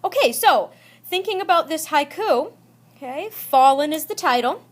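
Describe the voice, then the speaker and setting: A woman teacher giving a recorded lesson to students, explaining slowly and deliberately, checking in often and repeating examples aloud. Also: very high-pitched, expressive. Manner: slow, deliberate explaining with frequent check-ins.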